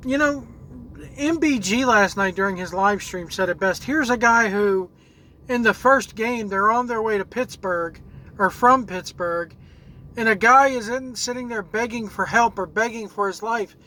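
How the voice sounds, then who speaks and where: A gaming channel host with a high, bright, strained voice rants furiously about a video game at a moderate pace, cursing and repeating words while he hunts for the right ones. The audio quality is poor.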